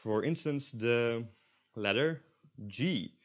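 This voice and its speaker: A man's voice: mid-range voice, animated, slow, lo-fi sound. A young man teaching a recorded language lesson, explaining step by step with frequent fillers.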